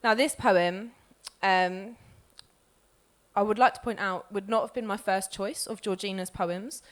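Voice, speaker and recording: A woman who co-founded the group, reading poems aloud at a live event with measured, expressive delivery. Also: mid-range voice.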